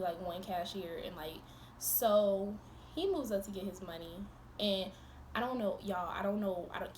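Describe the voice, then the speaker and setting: A young woman in a storytime vlog, retelling events in an animated, profane, exasperated way, breaking into laughs. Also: medium pitch, slight background noise. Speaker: vlogger.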